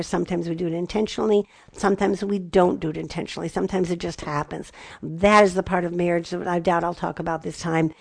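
A middle-aged woman teaching about marriage, slow and emphatic, with playful asides. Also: on the low side, vocal fry, no room sound, clean studio sound. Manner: slow emphatic delivery, spelling words out. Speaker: Bible teacher. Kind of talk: teaching talk.

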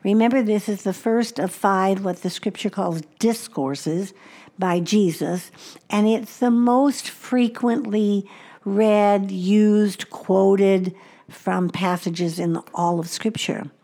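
Expressive woman Bible teacher in a studio. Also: mid-range voice, slow. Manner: expressive, swings between emphatic exclamations and soft, hushed asides.

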